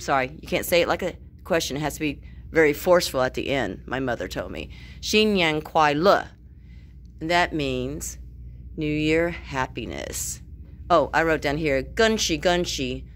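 A woman's voice: deep voice, a little hiss or hum. A woman teacher giving a casual video lesson from her home kitchen, chatty and loose, with fillers and asides.

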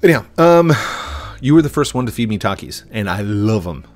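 A man's voice: lowish voice, big pitch swings, a little fast, a little mellow, faint music behind. A man chatting casually and rambling while he plays a game, easily distracted. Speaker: gaming YouTuber. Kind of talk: casual gameplay commentary.

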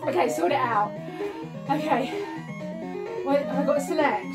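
A woman's voice: sits high, moderate pace, pauses often, over loud music. A woman vlogging an unboxing and playing a retro game at home, gushing, squealing and laughing often. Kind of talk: excited unboxing and gameplay chat. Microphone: phone.

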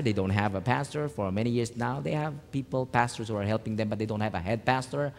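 A man, a pastor telling a personal story in a sermon, swinging from hushed lines to loud emphatic ones. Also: fairly low pitch, fast, few pauses. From Philippines. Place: church hall. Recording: reverberant church hall.

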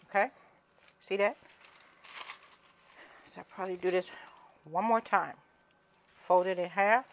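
A woman's voice: lowish voice, a little hiss or hum. A woman with a Southern US accent, chatting folksily through a home cooking demonstration and calling viewers honey and cousin.

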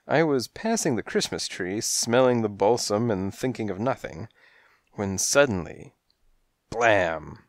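A man's voice: fairly low pitch, no echo. A man narrating a comic detective story in the first person, wry and rhythmic, on a close mic. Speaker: audiobook narrator.

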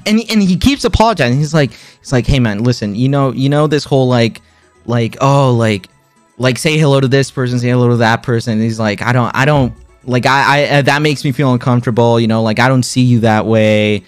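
A young man in his twenties chats casually with his stream viewers, excitably retelling a story, repeating himself, and swinging his pitch up and down. His tone is clear and resonant, a little fast, recorded dry with faint music behind.

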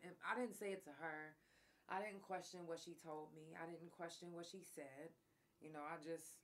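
A woman's voice: lowish voice, steady tone, normal speed. A woman hosting her own show, telling a family story in a candid, profane, emotional way. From Oklahoma. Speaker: podcast host. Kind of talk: personal storytelling monologue.

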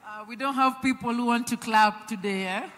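Woman reading the bible out loud, chimes in yeah and mm a lot, echoey hall. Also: fairly high pitch, normal speed. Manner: reads Bible passages aloud, interjects short agreements. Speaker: co-host reading scripture. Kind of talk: scripture reading and affirming responses.

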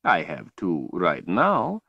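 A cruel tyrant wizard, as a man puts him on in an audiobook, drawling each taunt slowly and swinging his low voice up and down with mocking relish. The sound is close and dry, with no room around it. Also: wildly swooping pitch, vocal fry, breathy edge, no room sound, highs cut off, full character voice. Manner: slow, taunting, drawn-out delivery. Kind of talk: audiobook character voice.

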